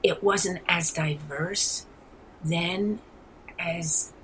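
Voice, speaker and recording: A woman in her seventies with a New York accent, telling rambling, animated stories as an interview guest. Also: on the low side, drawn-out words, slight background noise, low-quality recording. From New York City. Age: 70s. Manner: rambling, animated storyteller with frequent restarts. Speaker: guest artist. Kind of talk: casual interview.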